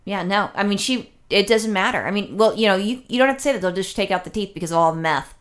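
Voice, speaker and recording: A woman's voice: medium pitch, quick pace. A woman co-hosting a casual chat, telling a rambling story with crude language and lots of swearing. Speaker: podcast co-host.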